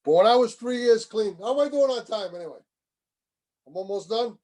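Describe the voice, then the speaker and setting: A man's voice: sits high, animated, fairly quick, darkish tone. A man in his sixties telling his recovery story over a video call in a rambling, candid way, often swearing and repeating "you know what I mean.". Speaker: main speaker at a recovery meeting. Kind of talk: personal recovery share.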